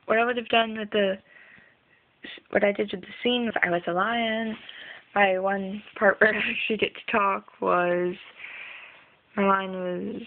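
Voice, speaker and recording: A woman's voice: medium pitch, steady tone, unhurried, pauses often, phone-quality sound. A young woman rambling casually in a video diary, chatty and full of ums. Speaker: vlogger.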